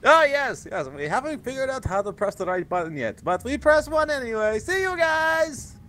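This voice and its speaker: A man's voice: very high-pitched, very animated, moderate pace, sharp tone, a little hiss or hum, heavily acted. A man voicing an ancient vampire count with a put-on foreign accent, theatrical and fussy, on a game stream voice chat. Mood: cheerful. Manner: grand put-on foreign accent, sweeping exclamations.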